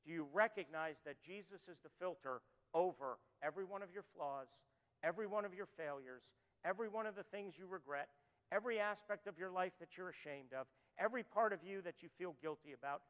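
An earnest male pastor preaches, easing his pace and softening on the lines he wants to land. His voice sits high for a man. The recording is dull and muffled, with a long church reverb trailing behind him. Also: fairly quick. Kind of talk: sermon. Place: church sanctuary.

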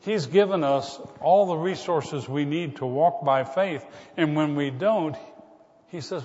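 A man preaching a sermon as pastor, dropping to hushed tones and rising to loud calls. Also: fairly high pitch, unhurried, slight background noise. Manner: dramatic shifts from hushed to loud. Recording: muffled sound with long hall reverb.

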